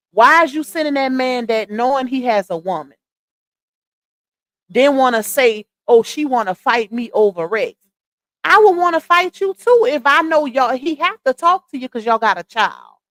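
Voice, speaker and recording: A young woman speaks in in a high voice, giving emphatic, opinionated commentary straight to her viewers. The sound is close and dry, with no room around it. She leans hard on her points as she speaks. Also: a bit bright, dry recording. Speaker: live stream host. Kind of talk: casual commentary livestream.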